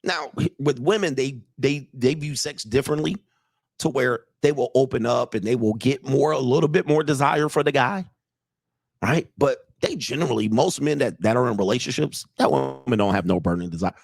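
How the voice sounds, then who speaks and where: A man in the middle pitch range talks straight into a dry, close mic, delivering a blunt, profane livestream rant as a dating coach. He repeats his points and keeps pressing his viewers to say whether they disagree. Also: moderate pace, creaky, no echo. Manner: blunt, profane, repetitive, asks the audience for agreement. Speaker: dating and relationship coach streaming live. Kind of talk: casual livestream monologue.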